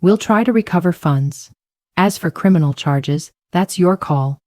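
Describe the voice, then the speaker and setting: A calm, efficient investigator, read by a woman, matter-of-fact and low-pitched, in a mellow, dry voice. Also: measured pace, no echo.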